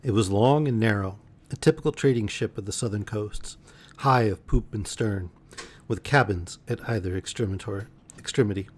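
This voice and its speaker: A man reading a pulp fantasy novel aloud as a bedtime story, measured with occasional slips. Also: fairly low pitch, slight background noise.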